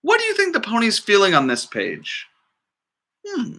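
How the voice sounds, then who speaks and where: A man's voice: sits high, huge pitch swings, normal speed, pushed and bright. A man working as a librarian, reading a picture book aloud to children in a chatty way and asking listeners questions.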